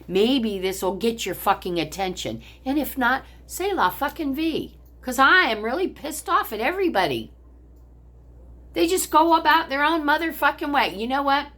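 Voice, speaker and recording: A woman's voice: high-pitched, lively intonation, normal speed, fairly bright tone. An older woman from the United States, venting angrily and profanely to her phone camera at home about her family. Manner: profane, bitter, ranting. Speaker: vlogger. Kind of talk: angry personal vent to camera. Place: at home, looking out on a pond.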